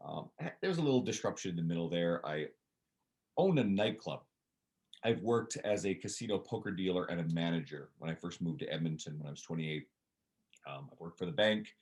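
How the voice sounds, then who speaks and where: A man's voice: low voice, expressive, a little fast, darkish tone. A man in his forties with a Canadian accent, talking bluntly and animatedly as a guest in a casual podcast conversation. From Newfoundland, Canada. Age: 40s. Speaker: podcast guest, personal trainer.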